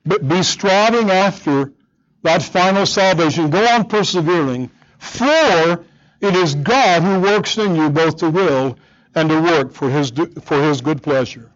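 A man's voice: fairly high pitch, animated, a little slow, dull audio. A man preaching a sermon, earnest and emphatic, often repeating words as he drives a point home. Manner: earnest, emphatic, with frequent repetitions.

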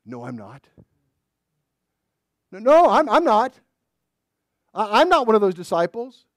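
A preacher playing a panicked fisherman pleading loudly. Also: slow, creaky, no echo, studio quality. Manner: panicked, pleading, voice rising high. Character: frightened fisherman denying he knows his teacher, adult man.

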